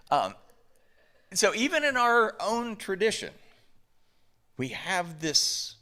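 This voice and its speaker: Animated man preaching slowly. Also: medium pitch. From southern United States. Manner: conversational, emphatic preaching with rhetorical questions. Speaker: pastor. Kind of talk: sermon. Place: church sanctuary.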